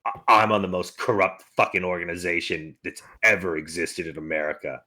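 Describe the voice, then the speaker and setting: A man's voice: sits low, steady tone, brisk, sharp tone. A man putting on a profane, snarling tough male cop with a mangled accent for a podcast bit. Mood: aggressive.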